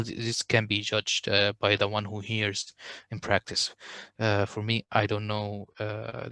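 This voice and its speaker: A smooth-voiced man teaching recitation. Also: on the low side, fairly bright tone, no echo. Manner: patient explaining, recites Arabic examples slowly; hesitant when answering questions. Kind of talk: online tajweed lesson.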